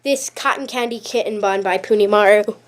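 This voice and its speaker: A woman's voice: medium pitch, a little fast. A woman vlogging a casual show-and-tell, chatty and gushing, with lots of "like" and "really, really". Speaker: YouTube vlogger showing her collection. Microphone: handheld camera, shaking at times.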